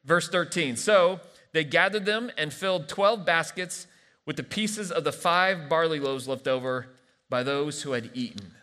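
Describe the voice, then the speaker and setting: Brief: man, pastor, sermon, playful joking asides, bright tense voice, long church reverb. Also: fairly high pitch, unhurried. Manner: playful, joking asides between scripture reading. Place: large church hall.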